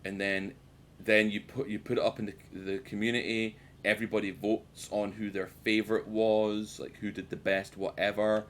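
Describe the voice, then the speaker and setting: Low-voiced British man streaming a game. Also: little pitch movement, normal speed. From United Kingdom. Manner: rambling, joking, swears freely, chats to viewers. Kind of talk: casual gameplay commentary.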